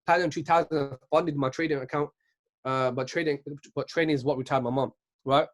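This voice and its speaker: A young man in his twenties delivers a motivational talk, pitched a bit high and pouring the words out quickly. He speaks earnestly and keeps tagging his points with a questioning "right?". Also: steady tone. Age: 20s. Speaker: speaker at a virtual business event.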